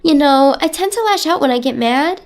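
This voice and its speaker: A woman's voice: expressive, brisk. A woman voicing a spiteful, bullying older mother-in-law who taunts and makes excuses. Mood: defensive. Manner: shrill, taunting, defensive.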